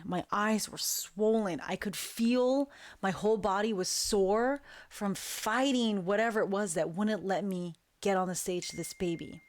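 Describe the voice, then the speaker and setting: A woman tells a frightening dream in a hushed, deliberate manner. Her pace is very slow, with long pauses. Her pitch sits in a plain middle range, and the sound is dry and close. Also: no echo. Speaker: guest storyteller. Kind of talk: dramatic personal storytelling.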